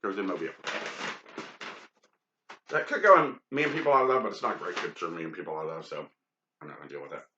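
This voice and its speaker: A man's voice: low-pitched, animated, fast talker, pauses often, background noise. A man hosting a casual podcast, rambling frankly over old photos with many ums and asides. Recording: dull, lo-fi, roomy sound.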